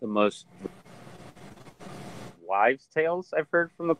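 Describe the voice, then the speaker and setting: Speaking slowly in a fairly high voice, an alligator and crocodile handler shares stories in a relaxed interview, lively as he mimics people he met. It's a lo-fi video call recording with a little hiss or hum.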